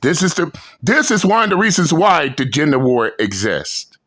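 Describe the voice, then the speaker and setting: A man hosting a reaction video, talking slowly and emphatically in a profane, ranting commentary. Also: fairly high pitch, big pitch swings, a bit bright. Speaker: channel host reacting to clips.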